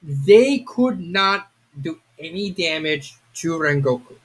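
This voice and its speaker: A young man giving a casual, rambling video review of a fan story, excitable and prone to restarts. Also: fairly high pitch, takes it slowly. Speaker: fanfiction reviewer.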